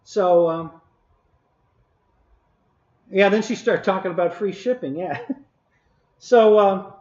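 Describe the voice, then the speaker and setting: A man's voice: high voice, slow, a little mellow. A man hosting a live stream, telling a long casual story to his chat with many restarts and chuckles. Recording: echoey room, dull lo-fi audio.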